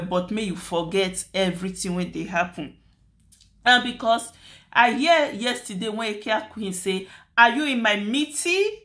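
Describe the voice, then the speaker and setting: Her voice is mid-range and fairly bright as she hosts her commentary channel. With a Nigerian accent, she lectures casually in Nigerian Pidgin about a dispute, repeating herself to drive points home.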